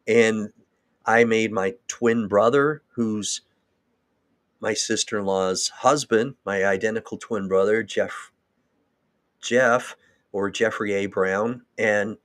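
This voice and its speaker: A man's voice: fairly low pitch, a bit bright. A man hosting a livestream, talking in a rambling, long-winded and emotional way. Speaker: host. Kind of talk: livestream talk.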